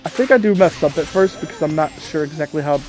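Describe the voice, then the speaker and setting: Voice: medium pitch, fast, darkish tone, faint music behind. A let's play commentator talking loosely over gameplay, self-deprecating and swearing casually.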